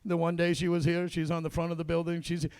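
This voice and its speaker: A man with a high, gravelly voice works a club crowd through a handheld mic, rambling and crude, slipping into quoted voices. The sound is close and dry. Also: monotone, fast talker, a little mellow, no echo. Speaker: stand-up comedian. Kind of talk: stand-up comedy set. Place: comedy club stage in a casino.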